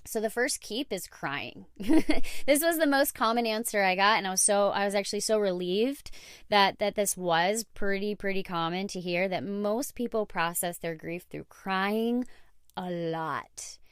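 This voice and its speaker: A woman talking straight to her listeners in a relaxed solo podcast, chatty and candid, throwing in fillers and the occasional swear. Her voice is smooth and clear, recorded close and dry with no room sound. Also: mid-range voice, measured pace, no room sound. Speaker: podcast host. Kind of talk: casual solo podcast talk.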